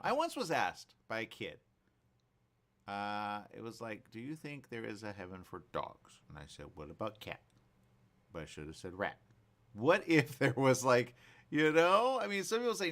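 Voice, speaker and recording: Speaking with vocal fry in a mid-range voice, a man hosts a morning talk show from the studio. He keeps the chat casual, wandering into lively, playful what-if tales.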